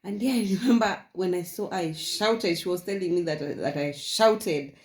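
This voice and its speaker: A woman's voice: on the low side, normal speed, darkish tone. A young woman, telling her own story in a casual vlog, rambling and repeating herself with frequent laughs. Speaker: vlogger. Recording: echoey room.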